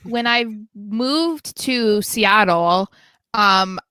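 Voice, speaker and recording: Bright, chatty woman podcast co-host. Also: mid-range voice, animated, drawn-out words, clear, resonant tone, no room sound. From New England. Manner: chatty, laughing, heavy on fillers like "um" and "yeah, no". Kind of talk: casual podcast chat.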